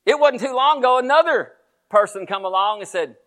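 A man with a Texan accent preaching a sermon, telling the story with animated delivery, putting questions to the congregation. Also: extremely high pitch, fairly quick.

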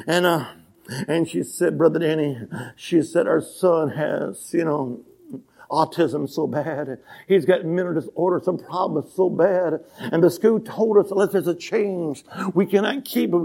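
Man preaching revival sermon, high voice, gravelly, shouts hallelujah. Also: steady tone, normal speed. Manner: builds to shouting, exclamations of hallelujah. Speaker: evangelist preacher. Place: church sanctuary with congregation.

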